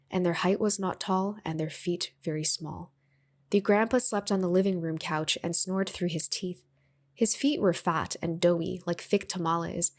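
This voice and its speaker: A woman with a low, even-toned voice reads a novel aloud. Her delivery is calm and measured. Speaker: audiobook reader.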